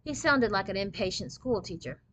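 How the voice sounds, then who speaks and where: A woman reading a children's book aloud in clear, steady storybook narration. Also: medium pitch, moderate pace, a little hiss or hum, poor audio.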